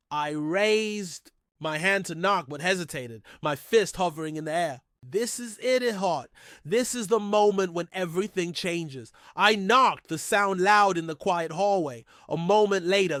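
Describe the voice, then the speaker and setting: A man telling an emotional first-person drama, his delivery tense and dramatic. His voice is somewhat high for a man, and the recording is dry with no room sound. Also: a bit bright, dry recording. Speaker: narrator. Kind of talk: first-person story narration.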